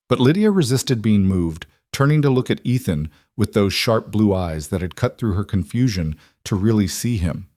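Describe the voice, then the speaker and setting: Male audiobook narrator for a frontier tale, low, measured, dry close mic. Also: no room sound. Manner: steady, measured storytelling.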